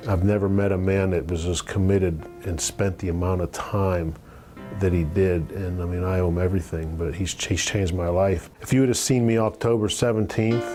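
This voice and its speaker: A middle-aged man giving a halting testimonial in an interview, with many fillers and restarts. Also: low voice. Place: office. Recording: guitar music playing clearly underneath.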